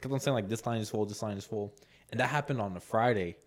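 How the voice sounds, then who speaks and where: Low-voiced guy rambling through a story on a podcast, says like a ton, does everyone's lines. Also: fast. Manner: rambling, many "like"s, laughs a lot, acts out quotes. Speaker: podcast co-host. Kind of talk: casual storytelling chat.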